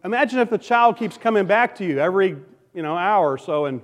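A male pastor preaching a sermon, swinging from loud emphatic questions to soft, hushed appeals. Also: high-pitched, expressive, quick pace, in a large hall.

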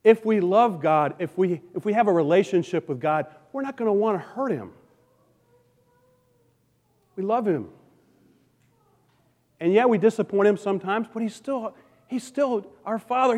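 A male pastor preaching a sermon, swinging from loud emphatic questions to soft, hushed appeals. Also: high-pitched, expressive, normal speed, pauses often, long reverb tail.

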